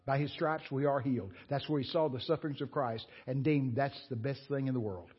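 A guest speaker preaches a sermon in a church sanctuary, telling stories to the congregation in a folksy, exclamatory, animated style. His medium-pitched voice moves fairly quickly with a breathy edge, and the large hall comes through on a dull, lo-fi church recording.

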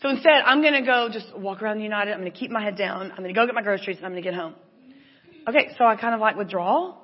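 A woman giving a sermon, telling a personal story with lively, acted-out inner thoughts. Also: medium pitch, fast, slightly rough. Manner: animated storytelling, acts out her own inner voice. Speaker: church speaker. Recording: dull lo-fi recording with long hall reverb.

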